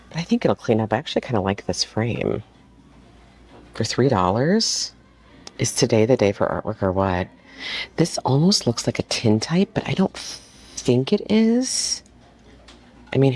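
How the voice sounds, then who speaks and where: Holding her phone as she browses a thrift store, a woman who resells vintage home decor vlogs casually in a rumbling low voice. She gushes with excitement and keeps dropping into whispers.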